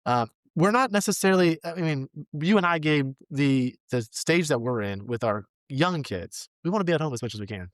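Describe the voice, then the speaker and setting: A man's voice: fairly high pitch, expressive, a little fast, hardly any pauses, no echo, clean studio sound. A man hosting a faith podcast, closing an interview by encouraging his listeners. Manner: warm, encouraging, addresses his audience. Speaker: podcast host. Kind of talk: casual interview wrap-up.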